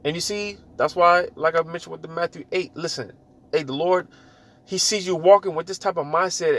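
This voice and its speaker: A man giving a casual, animated spoken sermon, with loose talk full of fillers and repeated words. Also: on the high side, brisk, a little hiss or hum. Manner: repeats words while searching. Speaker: lay preacher.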